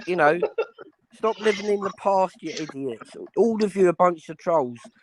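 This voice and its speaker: A man's voice: high-pitched, lively intonation, moderate pace, a little hiss or hum. A man hosting a livestream panel, defiant and challenging his critics to come on. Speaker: livestream host. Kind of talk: confrontational livestream talk.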